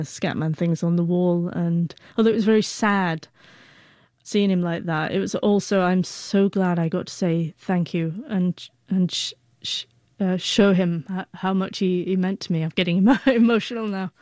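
A woman's voice: on the low side, steady tone, normal speed, mellow, no echo, studio quality. A woman in her forties, a guest telling a heartfelt personal story, who stutters and breaks off the starts of words. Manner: heartfelt, reflective.

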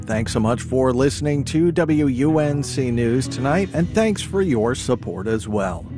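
A male radio announcer reads sponsor credits in a smooth, measured voice of medium pitch. Faint music plays behind him. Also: darkish tone. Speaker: station announcer.

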